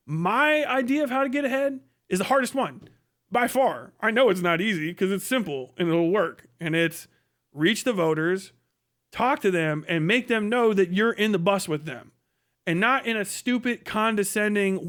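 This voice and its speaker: A man's voice: sits high, animated, normal speed, a bit bright. A man hosting a livestream, talking in a heated, profane rant. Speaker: livestream host.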